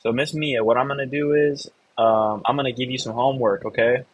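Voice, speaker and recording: A man's voice: mid-range voice, steady tone, fairly quick, no echo, poor audio. A man hosting a live online real estate meeting, coaching a member and encouraging the audience. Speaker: host of a real estate investor community call.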